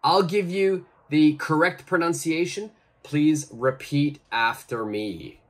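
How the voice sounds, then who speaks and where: A man teaching English pronunciation, leading slow repeat-after-me drills with deliberate, exaggerated pronunciation and encouraging praise. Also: fairly high pitch, a bit bright.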